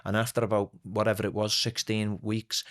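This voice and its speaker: A man's voice: fairly low pitch, a little fast. Middle-aged Liverpool man, podcast guest, chatty storyteller who slips into put-on voices. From Liverpool, England. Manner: animated anecdotes with put-on voices and laughs. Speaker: podcast guest, swing singer. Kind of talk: casual storytelling chat.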